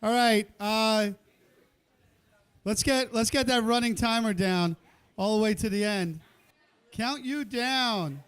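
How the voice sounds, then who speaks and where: High-voiced, clear-toned man emceeing a cooking contest. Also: slow, long pauses, fairly bright tone. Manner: joking, chatty, cheers the crowd on. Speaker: event host. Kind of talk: live play-by-play emceeing. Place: indoor cooking event kitchen.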